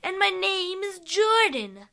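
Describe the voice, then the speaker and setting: A woman voicing a small, prickly creature that scavenges in a cave, in a squeaky, high voice. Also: big pitch swings, takes it slowly, vocal fry, pushed and bright, heavily acted. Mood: snappish.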